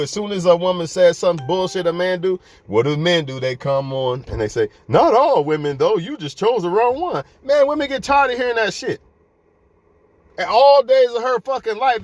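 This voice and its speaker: A man's voice: on the high side, no echo. A man giving fiery life advice to his viewers in a profane, preachy rant.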